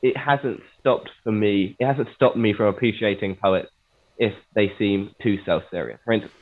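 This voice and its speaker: A man from England co-hosting a casual talk about poetry. He speaks in a measured, hedging way and thinks aloud as he explains. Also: fairly low pitch. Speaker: podcast co-host. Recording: tinny phone-like line.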